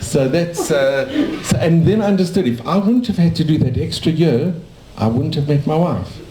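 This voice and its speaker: Older man from South Africa, dentist sharing memories, mellow voice, roomy cafe sound. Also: a little high, expressive, moderate pace. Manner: rambling, warm anecdotal storytelling with restarts. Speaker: dentist telling his life story. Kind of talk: casual storytelling to a small audience. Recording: echoey cafe room.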